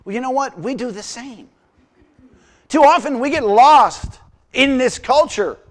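A middle-aged man preaching a sermon as pastor, animated and humorous, acting out quotes as he tells stories. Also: very high-pitched, measured pace.

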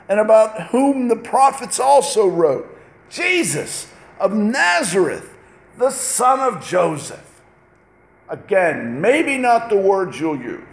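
A man preaching a lively, conversational sermon, acting out short exchanges between people as he goes. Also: very high-pitched, takes it slowly, reverberant. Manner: animated, conversational, acts out little dialogues. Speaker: pastor.

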